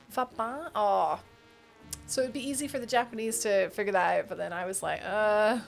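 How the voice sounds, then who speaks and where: A woman's voice: medium pitch, normal speed, vocal fry, faint music behind. A sleepy woman streamer chatting casually while playing a game, slipping into playful baby talk. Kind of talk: casual chat while gaming.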